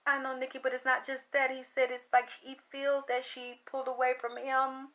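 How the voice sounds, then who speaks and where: A woman's voice: high-pitched, completely flat delivery, normal speed, fairly bright tone. A tired woman talking to her livestream viewers, emotional and rambling, often trailing off into sighs. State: tired from late night. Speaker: psychic reader.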